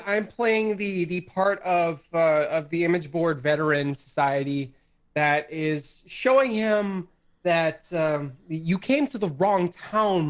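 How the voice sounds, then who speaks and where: A man guests on a casual live stream, his voice pitched a little high. He talks bluntly with plenty of swearing. He rambles on, full of fillers and restarts. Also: fairly bright tone. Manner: blunt, profane, rambling with laughs. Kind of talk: casual livestream chat.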